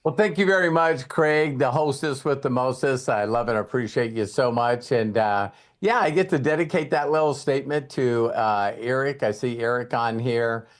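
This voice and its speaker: A man hosting a casual live talk, rambling and animated, with frequent fillers and laughs, speaking into a webcam. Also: medium pitch, normal speed, few pauses. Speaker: host.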